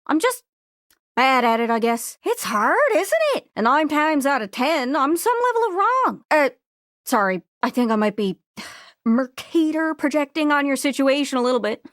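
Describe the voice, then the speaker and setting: A woman's voice: sits high, sing-song, normal speed, a bit bright, no echo, studio quality. A woman voicing a talking globe in a video game, rambling, awkward and self-deprecating, trailing off and apologizing as she talks. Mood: sheepish. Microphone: studio mic.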